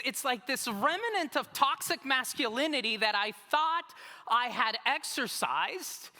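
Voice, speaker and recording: Male pastor, animated and humorous preacher, very expressive pitch, echoing sanctuary. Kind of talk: sermon. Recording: long reverb of a large hall.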